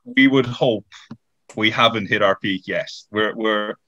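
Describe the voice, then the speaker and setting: A young man in his early twenties, chatting loosely on a podcast. His voice sits a little low, and his talk wanders, with plenty of filler words and restarts. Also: measured pace, sharp tone. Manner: rambling, full of "like" and restarts. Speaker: podcast co-host. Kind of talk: casual podcast chat.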